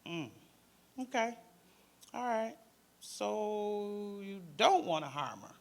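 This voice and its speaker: A man's voice: high voice, sing-song, slow pace, creaky, pauses often. A man with a Detroit accent, a panelist and former crisis worker, telling a story in casual speech and acting out the voices of the people in it.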